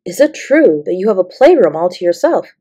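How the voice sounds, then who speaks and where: A woman voicing a shy, slow schoolgirl full of awe in a storybook reading, speaking hesitantly. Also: lowish voice, sing-song, mellow, husky. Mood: amazed. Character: shy, slow, plump schoolgirl, easily awed.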